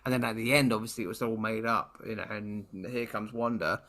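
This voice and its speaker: A man's voice: on the low side, fairly even intonation, a little fast, fairly bright tone. Chatty British podcast co-host, man. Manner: chatty, rambling, playfully sarcastic. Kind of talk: casual chat.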